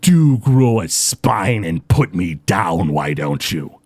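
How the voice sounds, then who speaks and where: A man puts on a gloating orc chieftain, cruel and taunting, his voice sunk low and menacing. He speaks slowly and deliberately, and the sound is dry and close to the mic. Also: big pitch swings, a little mellow, no echo, full character voice.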